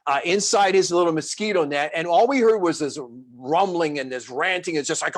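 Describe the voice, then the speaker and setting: Animated middle-aged man, storytelling speaker, rather high voice. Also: fairly quick, hardly any pauses. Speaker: motivational speaker. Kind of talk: storytelling talk.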